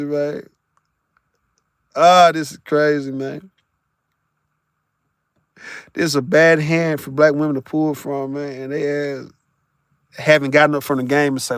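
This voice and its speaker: Driving for work, this male streamer chats casually with his viewers from his vehicle, loud, profane and quick to laugh. His voice sits fairly high, and the sound is studio quality without echo.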